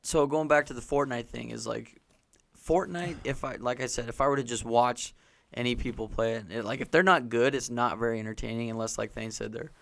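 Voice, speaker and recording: A man's voice: medium pitch, steady tone, brisk, creaky, fairly bright tone. A man co-hosting a gaming podcast in casual chat, rambling and restarting as he talks eagerly about video games. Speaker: podcast co-host.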